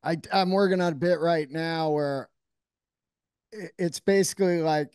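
A man's voice: fairly high pitch, a little slow, clear, resonant tone, dry recording, clean studio sound. A man hosting a podcast in casual chat, telling stories animatedly and swearing freely while he acts out what people said. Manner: profane, animated storyteller, acting out quotes. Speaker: podcast host.

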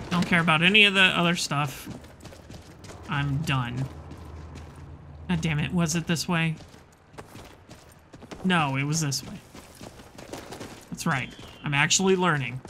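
A man playing a video game and commenting casually, excitable and swearing, taunting the enemies he fights. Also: fairly high pitch, slow, pauses often, a little hiss or hum. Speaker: let's play host.

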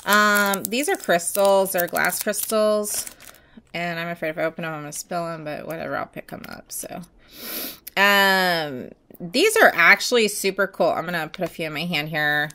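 A woman's voice: fairly low pitch, moderate pace, pushed and bright. A woman vlogger chatting casually and gushing as she unboxes nail art, with many ums.

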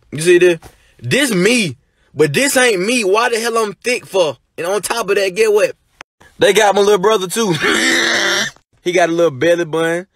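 A young man, talking in casual comedic commentary, animated, slangy and quick to laugh and swear. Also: a little high. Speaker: content creator.

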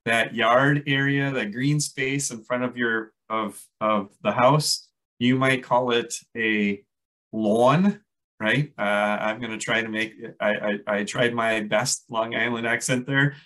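A man's voice: medium pitch, steady tone, bright, forceful tone, rough recording. Chatty man with a Minnesota accent. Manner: chatty, halting, many fillers and restarts. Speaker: landscape ecologist teaching a class. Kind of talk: casual lecture on native plants.

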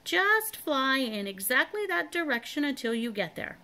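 A woman doing a croaky old seagull. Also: high-pitched, big pitch swings, moderate pace, sharp tone, voice pushed up, heavily acted. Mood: matter-of-fact. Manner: croaking, matter-of-fact. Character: very old male seagull, croaky and set in his ways. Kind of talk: storybook read-aloud.

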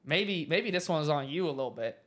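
High-voiced young man, animated podcast chat. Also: brisk. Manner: animated storytelling, slangy, jokey. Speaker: podcast co-host. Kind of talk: casual chat.

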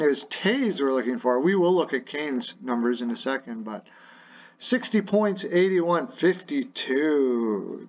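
A man's voice: a little high, highs cut off. A man hosting a casual hockey rumour show from his apartment, playful and jokey, rambling with lots of fillers. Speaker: hockey podcast host. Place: home apartment.

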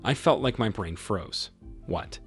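A man narrating a scripted first-person story in a measured, reflective way. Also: fairly low pitch, animated, slightly rough, faint music behind.

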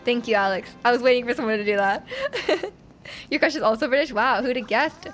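A bubbly young woman with a bright, high voice chats with her viewers while playing, laughing often and teasing them. Her reactions jump up excitedly at tense moments in the game. Faint game music plays quietly behind her. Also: brisk. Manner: giggly and excitable, reacting loudly to gameplay; reads chat aloud and teases viewers. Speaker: streamer. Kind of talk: casual live game stream, chatting with viewers.

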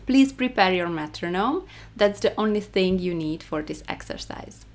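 A woman's voice: lowish voice, animated, moderate pace. A woman with a Hungarian accent teaching a rhythm lesson, counting the beats aloud and stressing the first. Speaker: music teacher.

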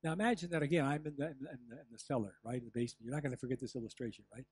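An older man preaching a sermon as pastor, telling stories with lively asides and the odd laugh. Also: medium pitch, racing, husky, no room sound. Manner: animated storytelling with asides and laughs. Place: church.

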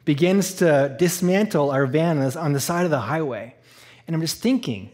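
A man from Eastern Canada telling a personal story in a sermon, animated and laughing, acting out the voices. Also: fairly high pitch, moderate pace. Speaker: church speaker.

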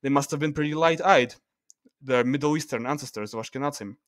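A man in a casual screen-share video talks through data in a middle-pitched voice, halting and restarting as he reads the numbers off the screen. The sound is close and dry, with no room around it. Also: no echo. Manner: loose and halting, many fillers and restarts, reading off data. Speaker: video creator.

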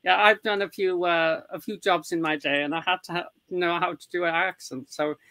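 A woman guest in an interview, talking in a rambling, halting way with many fillers. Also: on the low side, fairly even intonation, fairly bright tone, dry recording. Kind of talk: casual chat.

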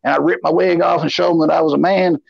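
Male co-host, husky, rambling storyteller, close and dry. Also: a little high, fast talker, no echo. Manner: rambling and animated, with lots of "you know". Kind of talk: casual storytelling chat. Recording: slightly dull, lo-fi sound.

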